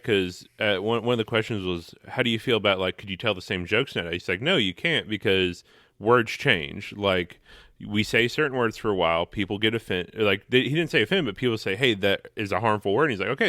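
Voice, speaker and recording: A man's voice: on the low side, brisk, pushed and bright, no room sound, clean studio sound. A man co-hosting a podcast in casual chat, making a thoughtful point. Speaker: podcast co-host.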